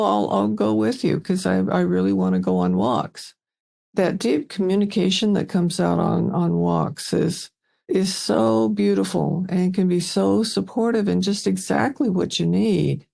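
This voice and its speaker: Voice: mid-range voice, vocal fry, warm tone. A podcast host answering a guest earnestly, affirming and summing up what was said. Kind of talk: supportive interview talk.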